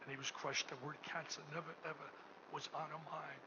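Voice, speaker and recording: An older man with a high voice gives an emotional fundraising speech at a gala. He swings between booming, near-shouted lines and hushed ones. The recording is muffled, with steady room noise behind him. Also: fairly quick. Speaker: gala host. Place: hotel ballroom.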